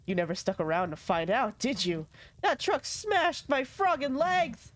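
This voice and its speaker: A woman voicing a vengeful male frog villain in a game, gloating and sneering in slow, shouted lines. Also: high voice. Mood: menacing gloat.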